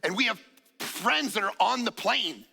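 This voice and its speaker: A man's voice: high voice, unhurried, vocal fry, slightly rough. A man preaching as a pastor, telling a story and acting out what people said, with jokes along the way. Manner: animated, acts out quotes, jokes. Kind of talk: sermon with storytelling. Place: church auditorium. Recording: hall reverb from church stage.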